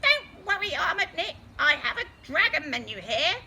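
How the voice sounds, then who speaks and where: Woman doing a shrill dotty old wizard. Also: big pitch swings, normal speed, pushed and bright, slight background noise, exaggerated voice. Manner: squeaky, shrieking exclamations.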